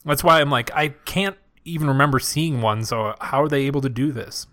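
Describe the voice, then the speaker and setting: Young man, podcast co-host, casual joking chat, mid-pitched voice, loose and rambling. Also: brisk, fairly bright tone. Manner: joking, rambling, frequent fillers.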